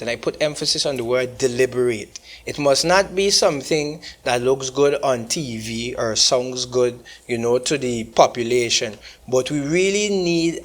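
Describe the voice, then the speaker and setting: A man with a Guyanese accent, an activist guest speaking earnestly on a panel and stressing key words. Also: medium pitch. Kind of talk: panel discussion.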